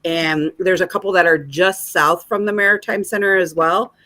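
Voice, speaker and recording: A woman's voice: fairly low pitch, fairly even intonation, normal speed, pushed and bright. A woman from Michigan, a guest on a casual chat, talking enthusiastically and giggling often. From Michigan, United States.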